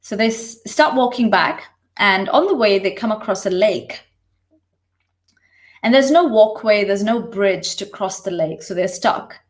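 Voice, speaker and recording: A woman hosting an online session, retelling a fairy tale in a relaxed, conversational way and often checking in with "you know" and "right?". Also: medium pitch, a little slow. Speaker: workshop host.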